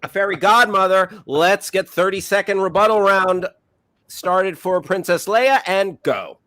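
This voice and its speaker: A male host announcing rounds and calling time in an improv comedy tournament. His voice sits high and bright, and he speaks at an unhurried pace. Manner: announcing, upbeat, calls time. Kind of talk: game-show hosting.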